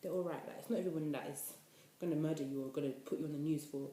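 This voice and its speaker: A woman in her twenties from the UK, a university student giving casual life advice in an animated, chatty way. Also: deep voice, racing. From United Kingdom. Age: 20s. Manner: chatty, animated, preachy asides. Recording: echoey room, faint noise.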